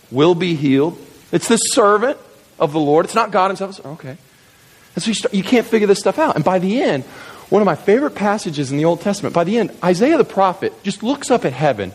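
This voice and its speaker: Male preacher, high and lively voice, dramatic, shouts at peaks, in a hall with a long reverb. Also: a little fast, breathy edge. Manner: animated, dramatic, swings from hushed to shouting; casual slang with scripture quotes. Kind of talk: sermon.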